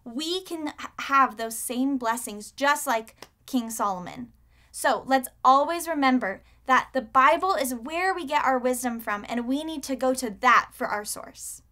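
A woman's voice: high-pitched, lively intonation, unhurried, bright, forceful tone. A woman earnestly summing up a Bible lesson for children at church.

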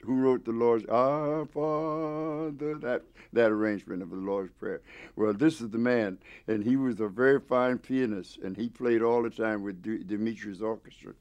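A man's voice: lowish voice, darkish tone. A man in his nineties being interviewed at home, telling old stories with lots of restarts and chuckles. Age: 90s. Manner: rambling, with many restarts and chuckles. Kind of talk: storytelling reminiscence.

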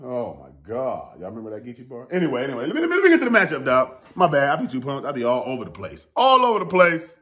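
A man giving casual, excitable battle rap commentary, rambling and slangy. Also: mid-range voice, quick pace, few pauses.

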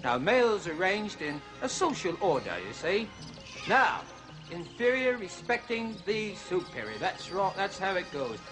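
A man's voice: high-pitched, very animated, a little slow, over music. A man playing a zany zoo-show host who lectures about animals in a folksy way. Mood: chirpy lecture. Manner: folksy lecturing, "you see", "mate".

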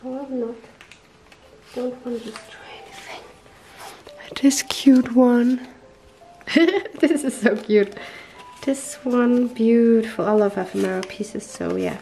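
Slow-talking woman, gushing and teary. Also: on the high side, sing-song, creaky, mellow, faint music behind, low-quality recording. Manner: gushing, searching for English words. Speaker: papercraft vlogger. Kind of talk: casual unboxing chat. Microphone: tablet microphone.

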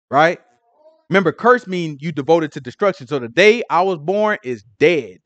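A man leading a conversational Bible study, animated and talking, acting out prayers in hushed or loud voices. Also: fairly high pitch, normal speed, dry recording, highs cut off. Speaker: Bible teacher. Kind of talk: conversational scripture teaching.

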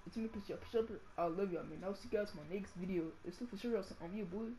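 A male gaming channel host giving casual gameplay commentary and ranting, saying "bro" and "y'all" constantly and swinging from mumbles to shouts. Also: high voice, rapid-fire, slight background noise. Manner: slangy, fills nearly every phrase with "bro" and "y'all".

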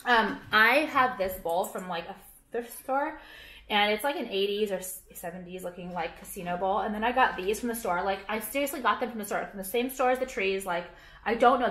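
A young woman rattles through a casual haul vlog in a bright, forceful voice, swearing freely and piling on filler words. Her brash, rambling chatter bounces around an echoey room. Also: medium pitch, brisk. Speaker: vlogger and small business owner.

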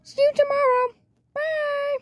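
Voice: flat delivery, a little slow, dry recording. A performer voicing a small, sleepy, cranky furry red monster in a homemade toy skit, whining and exasperated. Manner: squeaky, whiny, exasperated. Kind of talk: toy skit for online video.

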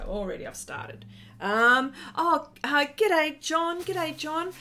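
An Australian woman talks through an art livestream in an easy, rambling way, full of ums and uhs. Her voice sits high for a woman. She keeps stopping mid-thought to say hello to viewers by name. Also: big pitch swings, takes it slowly, pushed and bright. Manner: chatty, greets viewers by name, many fillers. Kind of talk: casual livestream chat.

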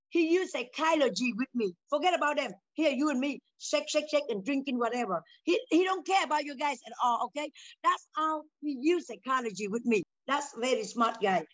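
A woman's voice: high-pitched, fairly bright tone, dry recording, muffled recording. An older woman talking heatedly with her daughter in broken, repetitive non-native English, confronting her. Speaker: mother in a family talk show. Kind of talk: heated family conversation.

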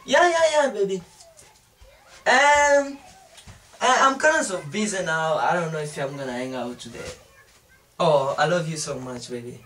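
A man acting a hot-tempered young man who yells, swears and threatens in an amateur comedy film. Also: fairly high pitch, animated, normal speed, pauses often. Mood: sweet-talking. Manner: yelling and swearing, then crooning on the phone. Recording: distant mic with faint noise.

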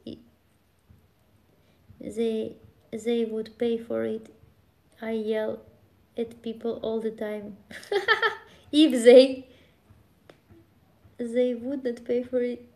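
Slow-talking woman streamer chatting casually. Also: on the high side, a little mellow. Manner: rambling, laughing, with acted outbursts. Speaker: live streamer. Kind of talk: casual chat with viewers.

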